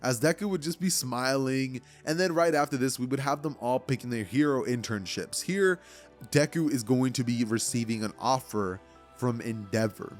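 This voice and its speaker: A man's voice: mid-range voice, moderate pace. Rambling male storyteller over faint music. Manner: rambling, lots of "like" and "you know". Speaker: fan storyteller. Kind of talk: casual storytelling.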